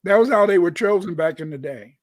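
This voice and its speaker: Older man with a high voice, rambling. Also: animated, a little fast, no room sound. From United States. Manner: rambling, repeats words, cusses. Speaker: guest scholar. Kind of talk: casual live-stream talk.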